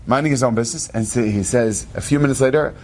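A man telling an inspirational story in an animated, quick way, with asides and laughs. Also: mid-range voice. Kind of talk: storytelling talk.

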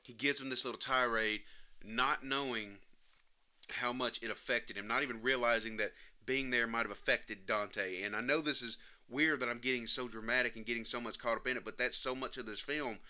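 Bright, passionate man reviewing a film. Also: medium pitch, fairly even intonation, fairly quick, clean tone. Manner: passionate, emphatic, rambling retelling with swearing. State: emotional. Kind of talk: casual spoken film review.

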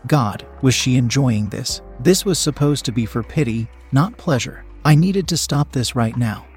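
A man's voice: medium pitch, moderate pace, a little mellow, faint music behind. A man narrating a first-person story in a tense, confessional way.

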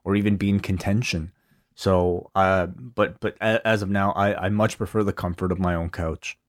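Rambling low-voiced male co-host. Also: fairly even intonation, moderate pace. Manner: rambling, hesitant, lots of fillers. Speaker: podcast co-host. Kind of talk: casual chat.

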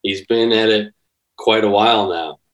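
A man's voice: fairly low pitch, normal speed, a bit bright, close to an everyday voice. A man voicing Garfield, a lazy, sardonic male cartoon cat, in a dry, plain reading.

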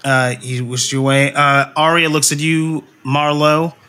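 A man's voice: on the high side, fairly even intonation, a little slow, hardly any pauses, sharp tone, clean tone. A man narrating a tabletop game as game master in a casual, filler-heavy way.

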